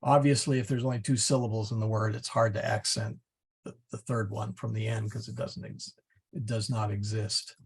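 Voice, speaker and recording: A man teaching a class, explaining step by step in a patient, methodical way with frequent pauses and fillers. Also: on the low side, little pitch movement, gravelly, slightly rough. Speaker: Latin teacher.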